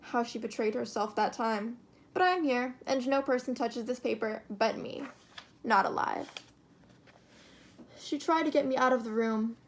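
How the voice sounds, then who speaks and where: A woman reading a short story aloud in an expressive, steady storytelling manner. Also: fairly high pitch, normal speed, long pauses, slight background noise. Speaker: reader.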